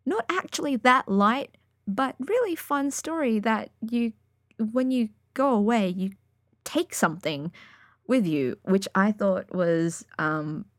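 A woman's voice: fairly high pitch, expressive, takes it slowly, no echo, studio quality. A woman recording a casual, enthusiastic afterword to her audiobook reading of a story, chatty and full of fillers. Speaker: podfic reader. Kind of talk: casual reader's afterword chat.

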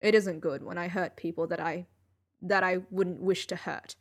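A woman's voice: fairly low pitch, steady tone, moderate pace, pitched below the performer's own voice. A woman reading the part of an aloof, brilliant male detective in a dry, clipped, reserved manner. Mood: earnest.

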